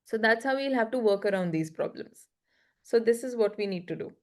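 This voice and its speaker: A woman talks in a relaxed podcast chat. She explains and advises at length in a fairly high voice. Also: brisk. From India.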